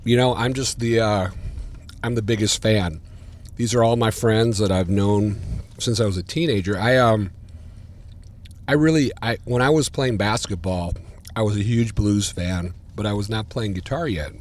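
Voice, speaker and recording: A man, a podcast guest telling stories in casual chat, getting louder and higher as he relives them. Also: moderate pace. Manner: animated, gets louder and higher when retelling. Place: diner.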